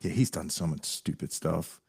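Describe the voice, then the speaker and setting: A man on a podcast telling stories in an animated way, acting out what other people said and often laughing along. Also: rumbling low, moderate pace, gravelly, husky. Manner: animated storyteller, quotes people in acted voices, laughs often. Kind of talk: casual chat.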